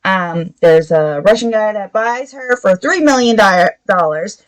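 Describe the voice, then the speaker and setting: A woman's voice: medium pitch, lively intonation, a little slow, rough recording. Chatty woman recapping a book. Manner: rambling retelling with many fillers. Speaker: book review podcast host. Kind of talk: casual spoken book review.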